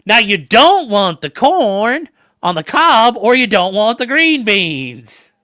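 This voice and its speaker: A man's voice: high-pitched, very animated, takes it slowly, sharp tone, no room sound, clean studio sound, voice pushed up, exaggerated voice. A man voicing a brusque old woman diner waitress who talks in a bossy drawl.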